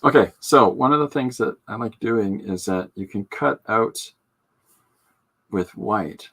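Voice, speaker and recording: Speaking a little slowly, this man has a fairly low, a bit bright, slightly rough voice. He runs a casual live stream drawing demo, inking and coloring comics while chatting loosely, joking, and rambling with lots of fillers.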